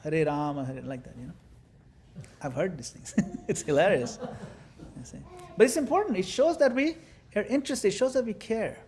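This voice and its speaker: High-voiced man teaching a devotional class. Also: normal speed, pauses often. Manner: animated, demonstrative, playful asides. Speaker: spiritual teacher.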